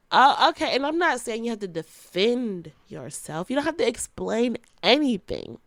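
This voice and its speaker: A woman's voice: on the high side, normal speed, few pauses, dry recording. A young woman hosting a podcast, talking casually and frankly, with slang and frequent laughs. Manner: animated, plays out quoted friends in sassy voices. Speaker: podcast host.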